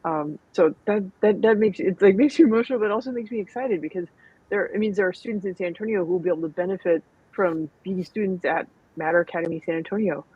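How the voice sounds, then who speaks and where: A woman host chatting casually and fast, with many filler words. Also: fairly low pitch, husky, no echo, muffled recording. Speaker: podcast host. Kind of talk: casual chat.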